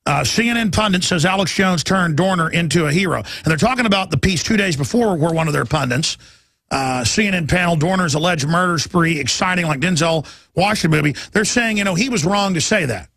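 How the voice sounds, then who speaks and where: A middle-aged man from Texas delivers a heated talk radio rant, his voice pitched high with a gravelly rasp. He hosts the show and mocks his opponents as he goes. The sound is close and dry, with no room around it. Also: lively intonation, brisk, a bit bright, no room sound. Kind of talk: impassioned talk radio monologue.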